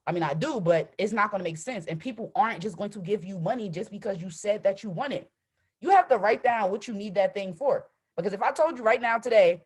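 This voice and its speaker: A woman hosting a live motivational call as a trading coach, emphatic and animated, tagging nearly every sentence with "right?". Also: medium pitch, fast talker, husky. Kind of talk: live-streamed motivational talk.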